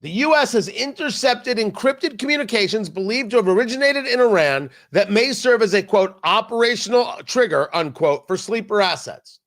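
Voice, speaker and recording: Sarcastic high-voiced male talk host. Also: animated, normal speed, few pauses, fairly bright tone. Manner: sarcastic, emphatic, jokey asides. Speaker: radio talk show host. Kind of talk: political commentary monologue.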